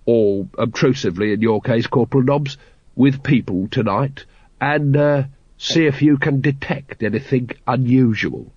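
A man voicing a weary, middle-aged city watch captain who speaks slowly and hesitantly, sounding exasperated, on a dry, slightly dull recording. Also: medium pitch, husky, no room sound.

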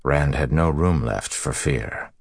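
A man narrating a fantasy audiobook with a very deep, gravelly voice. He reads in a slow, measured way, and the sound is close and dry. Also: no echo.

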